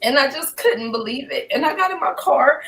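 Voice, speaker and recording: A woman's voice: high-pitched, expressive, moderate pace, rough recording. A woman giving an emotional personal account as a guest, her voice climbing and breaking. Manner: intense, voice rising to near shouts and breaking. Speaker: guest telling her story.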